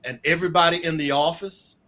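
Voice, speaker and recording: With a slightly high voice, this middle-aged author talks fast during an interview. His storytelling is casual and animated, with the dialogue acted out.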